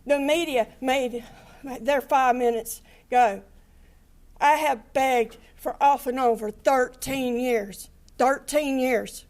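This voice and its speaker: A woman's voice: high voice, slow, a little mellow. An older woman giving an angry, impassioned statement in a courtroom, swearing and with her voice breaking into tears. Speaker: victim's family member giving an impact statement.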